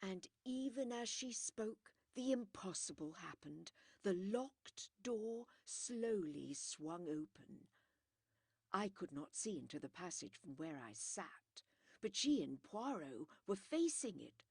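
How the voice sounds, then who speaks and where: A woman reads a classic mystery aloud, slowly and deliberately, letting pauses build tension. Her pitch moves expressively, and the recording is close and dry. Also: big pitch swings, darkish tone, breathy edge, no room sound. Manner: measured storytelling, dramatic pauses. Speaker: audiobook narrator. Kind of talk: scripted narration.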